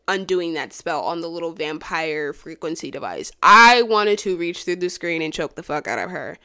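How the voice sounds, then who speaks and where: A woman hosting a solo podcast, chatting casually, blunt and profane, swinging from low mumbles to loud exclamations. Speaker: podcast host.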